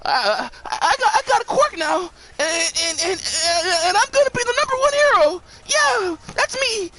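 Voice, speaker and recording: A young man voicing a tearful, eager boy hero from a cartoon with a squeaky, whiny voice. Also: big pitch swings, moderate pace, bright, forceful tone, exaggerated voice, low-quality recording.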